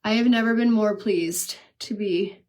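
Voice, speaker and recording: A woman in her thirties chatting casually on a live stream while she does her makeup. She talks fast, says "like" a lot and laughs often. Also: mid-range voice, a little mellow, slight background noise. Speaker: makeup seller and vlogger. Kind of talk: casual livestream chat while doing makeup.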